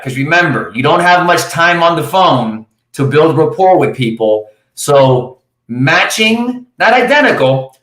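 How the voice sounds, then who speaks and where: A man coaching cold calling live from his office, talking with high energy. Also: fairly bright tone, echoey room. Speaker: sales coach.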